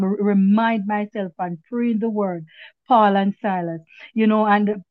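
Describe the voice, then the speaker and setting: A woman's voice: medium pitch, dry recording. A woman, a teacher, giving a faltering, fervent testimony at an online prayer meeting, repeating her words as she goes. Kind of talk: emotional spoken testimony. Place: home video call. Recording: dull dry video call audio.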